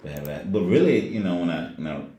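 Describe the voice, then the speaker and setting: A man's voice: deep voice, animated, fast talker, warm tone. A man reflecting on scripture in a casual Bible study discussion, with lots of fillers. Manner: rambling, filler-heavy, reflective. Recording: echoey room with faint noise.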